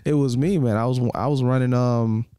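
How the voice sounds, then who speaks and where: Young male podcast co-host, relaxed chatty delivery, warm low-key tone, dry sound. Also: brisk, clean tone, dry recording. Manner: laid-back, laughs often, says man and bro a lot. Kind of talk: casual chat.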